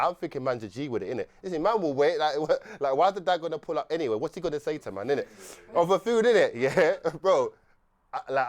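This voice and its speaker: A young man telling a rambling, animated story on a podcast, laughing often and restarting his sentences. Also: fairly high pitch. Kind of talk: casual storytelling chat.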